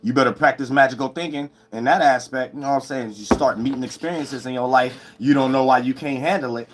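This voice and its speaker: A man's voice: medium pitch, fast, background noise. Profane, scolding preacher man. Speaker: self-styled preacher. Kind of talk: late-night livestream sermon.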